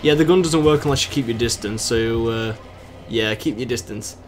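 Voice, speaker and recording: Slight background noise sits under this let's-play, where a gaming channel host, a young British man, plays a game and talks in a sarcastic, meandering stream. He speaks at a normal speed with a medium-pitched voice.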